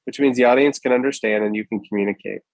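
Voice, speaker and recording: A man's voice: mid-range voice, fast talker, dry recording. A man co-hosting a casual podcast, talking emphatically and acting out reactions. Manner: animated, emphatic, acts out quoted reactions. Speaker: podcast co-host.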